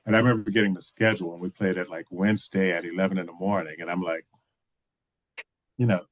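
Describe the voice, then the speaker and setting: Low-voiced man telling stories over video call. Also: fairly even intonation, quick pace, dry recording. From Texas. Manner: storytelling, many restarts and "you know". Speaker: filmmaker guest. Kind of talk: casual video call interview.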